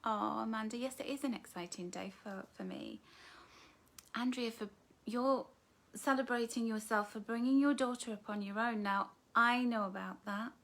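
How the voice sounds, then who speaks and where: Middle-aged Englishwoman, live-stream host, affectionate and chatty, slightly high voice. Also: fairly even intonation, moderate pace. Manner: warm, affectionate, calls viewers darling and my love. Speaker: author hosting a live book launch. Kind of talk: live-stream chat reading viewer comments.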